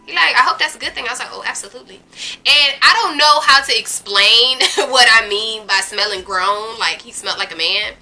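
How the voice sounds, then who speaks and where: A young woman in her twenties talks straight to her viewers in a frank, playful, animated way, drawing out her asides. Her voice is bright and sits a little high. Soft music plays underneath. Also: moderate pace, low-quality recording. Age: 20s. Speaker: vlogger. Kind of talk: candid casual talk to camera.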